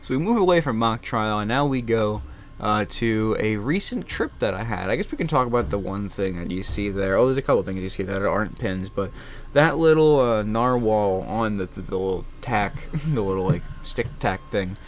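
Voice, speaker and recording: A man's voice: lowish voice, lively intonation, normal speed, a little hiss or hum. A young man chatting casually in his room, rambling with many restarts and swearing. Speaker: vlogger. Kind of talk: casual chat.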